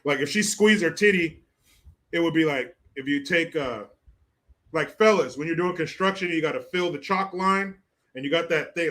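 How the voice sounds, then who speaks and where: A man's voice: on the high side, fairly bright tone. A man hosting casual commentary, crude and mocking, laughing often. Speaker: streamer host.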